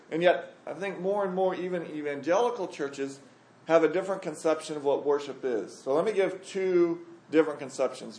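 Bible study teacher, man, slightly high voice, echoey room, talks with a group. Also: a little mellow. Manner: conversational, emphatic, asks the group questions.

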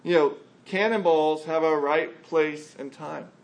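A man's voice: fairly high pitch, steady tone, measured pace. A male pastor preaching a sermon in an earnest, conversational way, sometimes acting out the people he quotes.

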